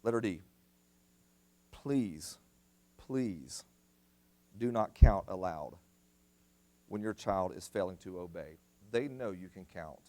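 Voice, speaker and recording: A man's voice: low-pitched, animated, takes it slowly, long pauses, darkish tone. A middle-aged man preaching a sermon at a church family seminar, emphatic and repeating his commands for stress. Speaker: guest speaker at family seminar.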